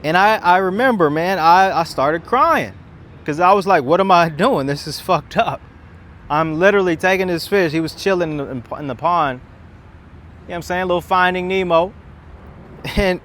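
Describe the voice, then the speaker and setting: A man's voice: medium pitch, a bit bright, a little hiss or hum. A young man speaking in a casual, rambling monologue, impassioned and emphatic, often repeating words and restarting his sentences, recorded outdoors in a city. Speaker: content creator.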